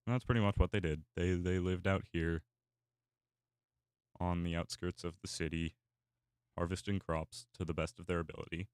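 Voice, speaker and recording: A man's voice: deep voice, steady tone, normal speed, pauses often, a little mellow, clean tone, no echo, clean studio sound. A young man chatting casually while he draws, rambling with many fillers and restarts. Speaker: artist and YouTuber. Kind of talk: casual chat while drawing.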